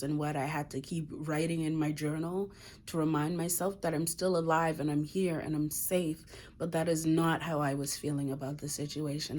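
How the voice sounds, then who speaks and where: A woman speaking candidly in a confessional personal vlog, emotional and swearing casually. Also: low-pitched. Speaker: vlogger.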